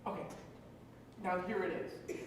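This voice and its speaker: A man's voice: measured pace, a little hiss or hum, close to an everyday voice. A wistful, chatty man obsessed with an old cast record, as an actor plays him, confiding in a rambling way. His voice carries from far off across an echoey theatre. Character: wistful, chatty middle-aged musical fan. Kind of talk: stage monologue to the audience.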